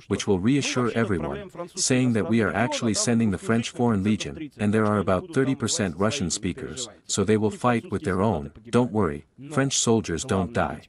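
A man giving political commentary as a voice-over, arguing in a sarcastic tone. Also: on the low side. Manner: sarcastic, argumentative.

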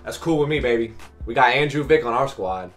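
Hoarse, hyped-up gaming commentator man. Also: medium pitch, animated, fairly quick, a bit bright, faint music behind. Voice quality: raspy. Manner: hyped, cheering at plays. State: hoarse from a cold. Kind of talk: video game commentary. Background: faint background beats.

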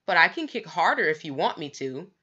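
A woman's voice: on the low side, very animated, fairly quick, bright, forceful tone, breathy edge, dull audio, heavily acted. A woman voicing a polite young boy obsessed with candy, earnest and insistent, in a storybook read-aloud.

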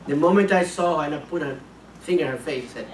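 Man, missionary preacher, earnest, repeats words, slightly high voice, echoey church, distant mic. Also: fast talker, a little hiss or hum. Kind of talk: sermon with a personal story. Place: church sanctuary.

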